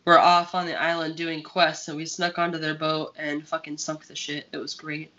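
A woman's voice: deep voice, level tone, normal speed, sharp tone, lo-fi sound. A woman co-hosting a podcast in casual chat, rambling with lots of fillers and some swearing. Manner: rambling, filler-heavy, profane. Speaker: podcast co-host.

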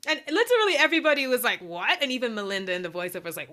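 A woman's voice: lowish voice, fast. A woman co-hosting a podcast, chatting casually as she recaps a reality show, often laughing and acting out what people said. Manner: animated, laughs often, acts out quotes. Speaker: podcast co-host.

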